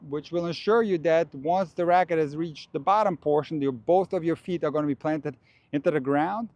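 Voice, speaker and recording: A male tennis coach walks through stroke mechanics step by step, with a voice pitched a bit higher than most men's. He explains in an enthusiastic, instructional way. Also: a little mellow.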